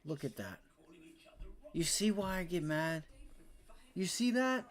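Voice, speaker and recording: A man's voice: high voice, very animated, takes it slowly. Foul-mouthed man ranting over stock charts. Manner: profane, exasperated rants at the chart; repeats phrases, talks to viewers as bro. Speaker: day-trading livestream host. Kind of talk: live trading commentary.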